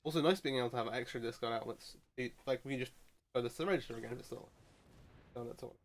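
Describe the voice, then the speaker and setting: A man's voice: mid-range voice, quick pace. Man muttering through card game play. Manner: thinking aloud, mumbling, frequent restarts. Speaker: streamer playing a card game. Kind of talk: casual gameplay commentary.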